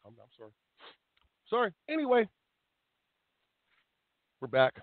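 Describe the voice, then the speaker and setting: A man's voice: very high-pitched, unhurried, no echo. A man hosting a wrestling talk show on internet radio, talking in a heated, emphatic way. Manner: animated, riled up, emphatic. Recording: tinny phone-quality internet radio.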